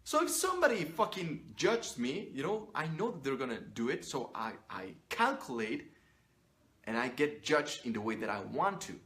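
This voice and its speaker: Brief: young male image coach, forceful and profane, monologue to camera. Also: mid-range voice, very animated, normal speed. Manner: blunt and profane, emphatic preaching.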